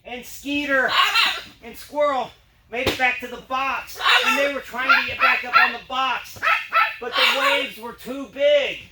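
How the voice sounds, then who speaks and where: A man's voice: very high voice, fairly even intonation, unhurried. Man telling a story while cueing dogs. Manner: rambling, breaks off to cue the dogs. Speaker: dog trick performer. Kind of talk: storytelling dog trick show. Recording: roomy, distant mic, background noise.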